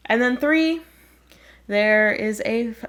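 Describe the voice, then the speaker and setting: A woman's voice: on the high side, takes it slowly, fairly bright tone. A young woman chats loosely as host of an advice show. She jokes around and drifts into silly accents, then pulls herself back to the topic. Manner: playful, slips into put-on accents. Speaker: podcast host. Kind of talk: casual chat.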